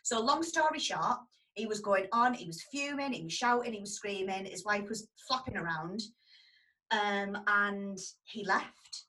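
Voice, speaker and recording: Bright-voiced woman telling a story. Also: medium pitch, measured pace, distant mic, rough recording. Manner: animated, acts out the voices of people in her story. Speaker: dog groomer telling a story. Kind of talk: casual storytelling chat.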